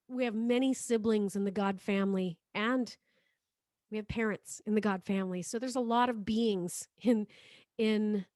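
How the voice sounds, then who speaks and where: A woman as a spiritual healing teacher, leading a guided prayer in a soft, slow voice and repeating phrases for listeners to say after her. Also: medium pitch, dry recording, clean studio sound.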